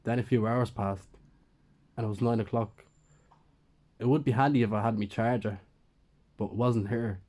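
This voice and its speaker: A man narrates a first-person horror story with a lowish voice. His telling is plain and conversational, like someone recounting events to a friend. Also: fairly even intonation, moderate pace, pauses often, a little mellow.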